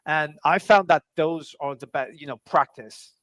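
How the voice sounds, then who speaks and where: A man's voice: fairly high pitch, normal speed, a bit bright, dry recording. A man speaking as a guest in a casual interview over a video call. He talks with many fillers and restarts. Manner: hesitant, full of fillers and restarts.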